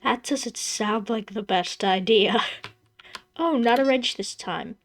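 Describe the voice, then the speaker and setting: Slow-talking woman reading a horror game. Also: on the high side, a little hiss or hum. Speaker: game streamer. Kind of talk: horror game playthrough, reading text aloud.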